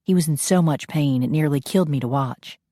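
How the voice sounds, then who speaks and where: A woman voicing a friend who confides in a hushed, earnest way, in an audiobook. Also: rumbling low, normal speed, slightly rough, dry recording, studio quality. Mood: confiding.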